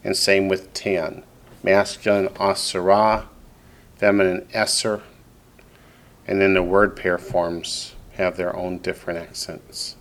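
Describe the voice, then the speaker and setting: A man's voice: low-pitched, completely flat delivery, measured pace, slight background noise. A man teaching a classroom lesson who repeats each student's answer back and then explains it patiently, step by step. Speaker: Hebrew teacher.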